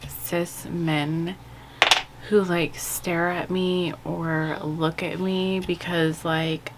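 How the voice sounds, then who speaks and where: A woman chatting at an unhurried pace as she does her makeup for a home vlog. Her voice sits a little low, and her talk is candid and rambling. A faint hum of noise runs underneath. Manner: chatty, rambling, candid, frequent "like" and "you guys". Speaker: beauty vlogger. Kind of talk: casual chat while doing makeup. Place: home with kids' video playing behind.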